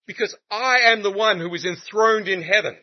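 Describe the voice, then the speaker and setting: A man preaching, acting out Jesus as a commanding, unshakable divine king in slow, emphatic declarations. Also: sits high, voice pushed up, natural voice. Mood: triumphant. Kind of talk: acted quote within a sermon. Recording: muffled lo-fi recording.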